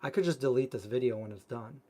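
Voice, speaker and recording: A vegan cooking channel host chats casually on a live stream, answering viewer comments in a rambling way full of filler words. He speaks fast in a mid-range voice with a dark tone.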